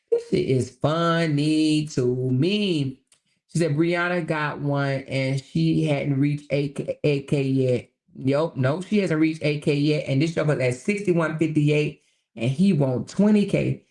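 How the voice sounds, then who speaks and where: A woman's voice: sits low, slow, a little mellow. A woman hosting a casual livestream, laughing often and mocking as she talks straight to her viewers. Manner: does sums and reads aloud while talking. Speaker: livestream host.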